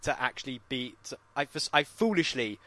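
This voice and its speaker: A young man co-hosting a casual podcast, telling animated anecdotes, acting out quotes and swearing freely. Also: medium pitch, normal speed, dry recording. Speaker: podcast co-host. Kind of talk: casual chat.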